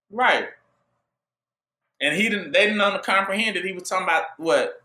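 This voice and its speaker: A man's voice: high-pitched, moderate pace, pauses often, sharp tone, roomy sound. A man preaching a sermon, driving it with call-and-response and rhetorical questions to his listeners.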